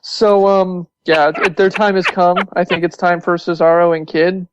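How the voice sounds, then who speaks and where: A man in a casual podcast chat, talking in quick run-on sentences. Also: high-pitched, flat delivery, muffled recording, background noise. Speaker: podcast panelist.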